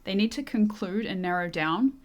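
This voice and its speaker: A woman's voice: medium pitch, lively intonation, moderate pace. A woman co-hosting a personality class, explaining definitions step by step in a lesson style. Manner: methodical, lays out definitions step by step. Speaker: co-host teaching personality typing.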